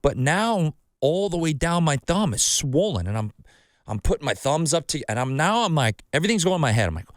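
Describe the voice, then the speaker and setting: A man's voice: a little high, sing-song, a little fast, no echo, clean studio sound. A man hosting a casual podcast, telling a rambling story full of profanity and acted-out quotes of himself. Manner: swearing storyteller, acts out his own quotes. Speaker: podcast host.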